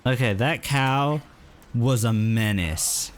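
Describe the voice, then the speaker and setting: A man streaming a horror game, chatting casually and hesitantly with many fillers, now and then yelling at the game. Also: slow, a little hiss or hum. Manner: rambling, hesitant, lots of fillers; yelps at the game in a higher voice. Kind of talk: casual gameplay commentary.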